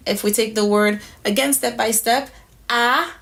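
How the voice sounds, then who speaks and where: A woman's voice: on the high side, fairly even intonation, normal speed, gravelly, a bit bright. A woman teaching a pronunciation lesson step by step, patient and methodical, often checking in with "right?". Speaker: language teacher.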